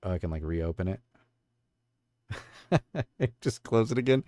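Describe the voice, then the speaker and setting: Low-voiced man rambling on a livestream. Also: expressive, unhurried, long pauses, mellow, no echo, studio quality. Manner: rambling, thinking aloud while fiddling with stream tools. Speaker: livestream host and voice actor. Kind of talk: casual livestream chat. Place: home studio.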